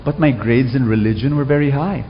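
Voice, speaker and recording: A man's voice: mid-range voice, fairly quick, big-room sound, lo-fi sound, slight background noise. A man with a Filipino accent preaching a sermon to an audience, calling for responses and telling stories from his childhood. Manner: lively, calls for audience responses. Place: large hall with an audience.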